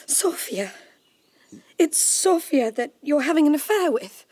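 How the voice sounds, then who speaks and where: Hurt young wife, radio drama, high voice, slow, tearful, reproachful, dry studio. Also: female voice, big pitch swings, darkish tone, no room sound. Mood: shocked. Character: wounded devoted young wife and mother.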